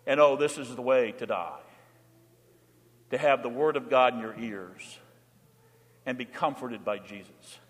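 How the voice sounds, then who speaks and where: A pastor preaching a sermon, moving between plain teaching and short acted-out pleas spoken in quoted voices. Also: male voice, mid-range voice, measured pace, long pauses. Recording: church hall reverb.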